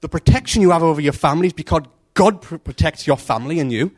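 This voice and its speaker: Animated man giving an informal sermon. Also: a little high, fast. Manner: conversational, animated, acts out story voices. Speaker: preacher. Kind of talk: informal devotional talk.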